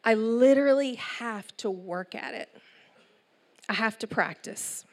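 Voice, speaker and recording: A middle-aged woman with an East Texas accent, preaching a sermon in an animated storytelling way with asides. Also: a little high, a little slow. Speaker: church speaker.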